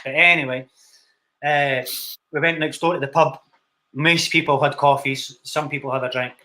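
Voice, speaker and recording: A man's voice: a little high, fairly even intonation, moderate pace, pushed and bright. A young Scottish man, a film director, telling his story in a casual interview, blunt and swearing freely. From Scotland. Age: young adult.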